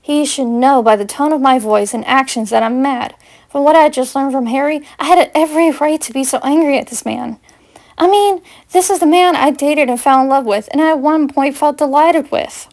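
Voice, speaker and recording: A woman's voice: sits high, moderate pace, a little mellow. A woman reading her own first-person fanfiction aloud in an earnest storytelling way. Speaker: fanfiction reader.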